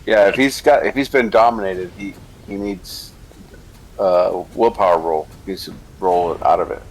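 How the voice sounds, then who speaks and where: Low husky man talking rules. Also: normal speed, low-quality recording. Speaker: player. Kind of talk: casual game chat.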